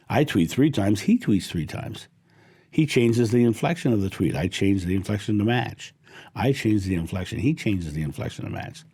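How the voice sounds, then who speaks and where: A middle-aged man giving a slow, heartfelt spiritual talk, lingering gently on his words. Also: lowish voice, breathy edge. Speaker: spiritual teacher.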